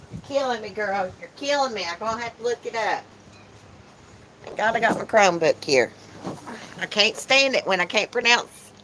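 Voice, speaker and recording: A woman hosts a casual livestream chat from her porch outdoors, teasing and reading comments aloud. Her mid-range voice is fairly bright, and the low-quality recording carries a little hiss or hum.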